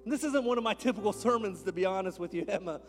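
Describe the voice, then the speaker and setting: A man preaching a sermon as a pastor in a church, moving between hushed whispers and loud, impassioned calls. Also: high voice, quick pace, soft background music. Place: church sanctuary.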